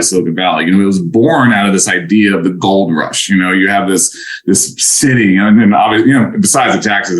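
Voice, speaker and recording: Male podcast guest, energetic and talkative, low voice, heard on a video call in an echoey room. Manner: energetic, talkative, swears casually. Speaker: podcast guest, tech CEO. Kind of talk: casual podcast chat.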